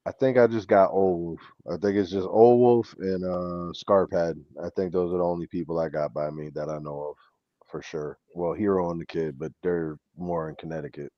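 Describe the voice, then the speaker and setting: A man's voice: sits low, fairly even intonation, normal speed, no room sound. A man from Springfield, Massachusetts, with a Western Massachusetts accent, chatting casually as host, rambling with lots of fillers and swearing. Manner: swears freely, loose rambling talk with many fillers. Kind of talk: casual chat. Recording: dull dry lo-fi sound.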